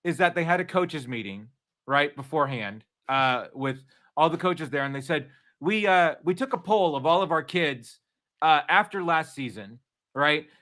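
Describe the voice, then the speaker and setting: Man, bright tense tone, lively anecdotal storyteller, casual chat. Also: on the high side, moderate pace. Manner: animated storyteller, acts out quotes.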